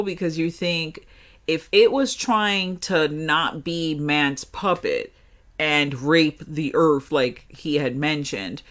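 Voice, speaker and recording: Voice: medium pitch, fairly bright tone. A podcast co-host in casual movie talk, swearing freely, laughing often and talking with lots of "like".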